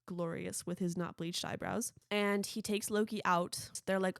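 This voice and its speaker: Chatty young woman with a gravelly voice. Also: on the low side, fairly even intonation, unhurried, no echo, clean studio sound. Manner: chatty, rambling, frequent "like". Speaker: podcast host. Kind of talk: casual solo movie podcast.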